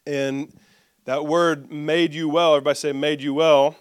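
A male pastor preaching with call-and-response, reading scripture aloud and dropping soft for asides. His voice sits fairly high and smooth, and the sound is dry and close. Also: moderate pace, no room sound. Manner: lively, drops soft for asides. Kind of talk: sermon.

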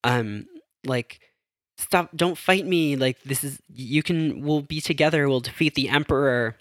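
A man voicing an imposing masked male dark lord coaxing his son to join him, in an insistent manner. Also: mid-range voice, unhurried, dry recording, clean studio sound, close to an everyday voice.

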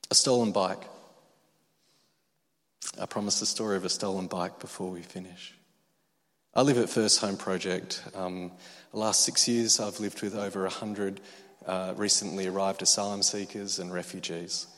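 A lower-pitched Australian man preaches a sermon, mixing quiet reflection with lively storytelling. His voice carries a long reverb, as if from a large hall. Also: moderate pace. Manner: quiet and reflective, growing loud and excited as the story builds. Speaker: pastor.

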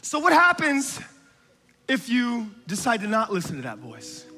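A man preaching a sermon with passion, building to shouts on key lines. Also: extremely high pitch, huge pitch swings, unhurried, in a large hall, faint music behind.

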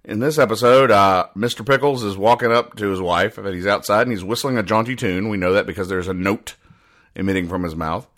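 A man hosting a comedy show, rambling through comic strips with deadpan, mock-serious explanations. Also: fairly low pitch, fairly quick. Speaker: podcast host.

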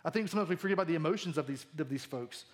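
High-voiced animated male preacher. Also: rapid-fire. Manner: animated, jokey, acts out quoted lines. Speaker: pastor. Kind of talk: sermon.

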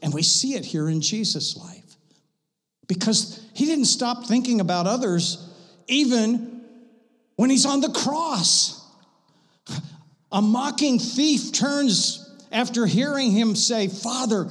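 A man preaching a sermon to his church, swinging from loud passionate bursts to hushed, intimate lines. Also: very high voice, animated, a little slow, big-room sound. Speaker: pastor. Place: church sanctuary.

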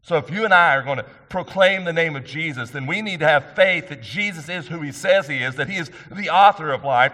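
A man's voice: fairly high pitch, pushed and bright. A middle-aged man pastor delivering an earnest, emphatic sermon, asking the congregation questions. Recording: long hall reverb.

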